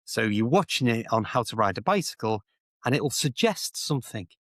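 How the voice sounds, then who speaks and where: Casual co-host: Liverpool man, mid-pitched, talkative, close and dry. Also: sing-song, a little fast, dry recording. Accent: Liverpool English. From England. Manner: chatty, explains idioms with rambling examples. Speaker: co-host, English teacher. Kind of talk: casual chat. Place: indoor home office.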